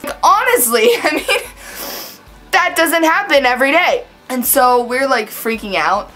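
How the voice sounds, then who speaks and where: A woman's voice: fairly high pitch, very animated, moderate pace, fairly bright tone, soft background music. A woman telling a story to her camera in a casual vlog, chatty and full of fillers. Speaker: vlogger.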